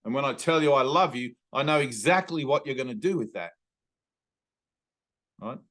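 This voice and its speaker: An Australian man leading a spiritual satsang over a video call, talking earnestly and intimately and slowing right down to stress a point. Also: mid-range voice, a bit bright. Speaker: spiritual teacher. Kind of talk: satsang teaching talk.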